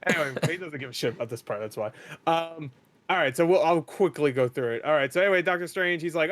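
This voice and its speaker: Young man, podcast host, fairly high voice, rambling, profane, casual movie recap. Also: a bit bright. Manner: rambling, profane, acts out characters in quick paraphrase.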